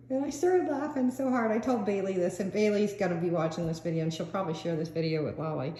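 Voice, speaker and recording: A woman's voice: mid-range voice, fast, few pauses, warm tone. Chatty older woman in a roomy echo. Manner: chatty, laughs often, trails off with fillers. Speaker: craft vlogger. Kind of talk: rambling casual chat.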